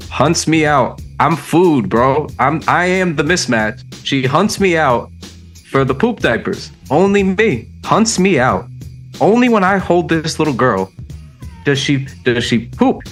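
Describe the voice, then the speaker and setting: Young male podcast co-host, loud, profane, excitable debater. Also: mid-range voice. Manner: animated, ranting, swears often. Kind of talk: heated sports debate.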